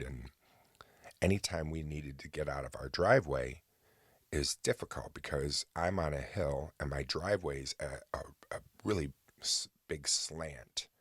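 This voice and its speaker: A man's voice: extremely low pitch, fairly bright tone, breathy edge, dry recording, studio quality. A man hosting a podcast, telling a personal story in a chatty rambling way with hesitant restarts. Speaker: podcast host. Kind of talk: casual rambling monologue.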